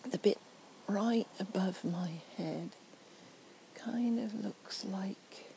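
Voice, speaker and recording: A woman, slightly tipsy, giving a soft, rambling, whispered night-time ASMR chat outdoors near trees and a fountain on a portable recorder. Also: medium pitch, drawn-out words, vocal fry, a little hiss or hum, poor audio.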